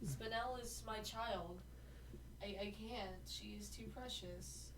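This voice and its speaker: A woman co-hosting a live stream, chatting casually and gushing excitedly as she chimes in. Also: medium pitch, slow, recorded from a distance, poor audio. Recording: off-mic with faint background noise.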